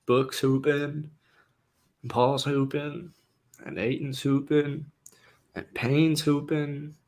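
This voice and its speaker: A man's voice: on the high side, level tone, slow pace, a little mellow. A man co-hosting a basketball talk show, casual and laid-back, often stumbling and restarting his sentences.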